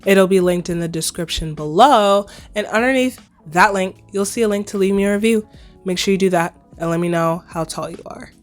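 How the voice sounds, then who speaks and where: A young woman in her twenties hosting her own podcast, casually chatting in a slightly hoarse voice, playful and full of slang. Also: medium pitch, a little fast, soft background music. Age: 20s. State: hoarse, recovering lost voice. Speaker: podcast host. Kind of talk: casual solo podcast chat.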